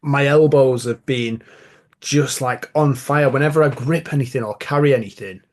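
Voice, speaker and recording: A man's voice: mid-range voice, normal speed. A man hosting a podcast, telling rambling stories in a casual chatty way. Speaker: podcast host.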